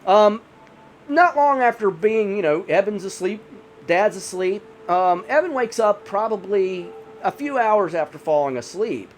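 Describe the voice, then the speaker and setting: A man with a high, lively voice tells a spooky campfire-style tale in casual, rambling speech, leaning on "you know" again and again. A faint hiss sits under the recording. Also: unhurried. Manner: rambling, many 'you know' fillers. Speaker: horror storyteller. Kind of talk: casual spoken horror storytelling.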